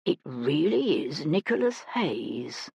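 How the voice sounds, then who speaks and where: A woman voicing a small, serious male magistrate who speaks gravely and quietly. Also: deep voice, sing-song, slow pace, no echo, exaggerated voice. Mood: stunned.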